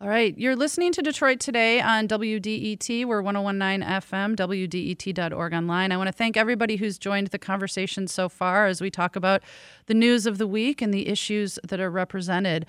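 Female radio host, brisk friendly announcing, studio mic, dry sound. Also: medium pitch, steady tone, a bit bright, no echo. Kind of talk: radio talk-show hosting. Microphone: studio microphone.

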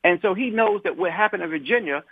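A husky, somewhat high-pitched man, a civil rights activist appearing as a guest, comes through a tinny, phone-like line without room echo. He tells his story conversationally with lively intonation and a quick pace, often repeating words, restarting, and acting out what others said.

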